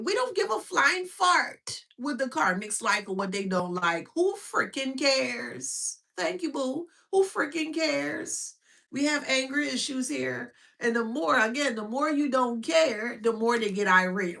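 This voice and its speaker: A woman's voice: high-pitched, takes it slowly, vocal fry. A woman giving a casual spiritual reading, talking in a blunt, mocking, slangy way. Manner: animated, blunt and mocking, with frequent slang and laughs. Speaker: spiritual reader.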